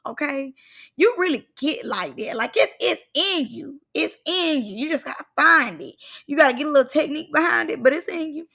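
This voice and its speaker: A young woman giving sassy, slangy casual commentary on a reality show, animated and quick to joke. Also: high-pitched.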